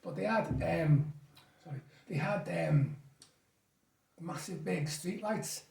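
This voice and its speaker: A man's voice: fairly high pitch, slow, gravelly, darkish tone, distant mic. A man, a guest reminiscing in rambling, chuckling stories. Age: 60s. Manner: rambling storyteller, chuckles often. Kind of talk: casual reminiscing chat. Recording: echoey room, off mic.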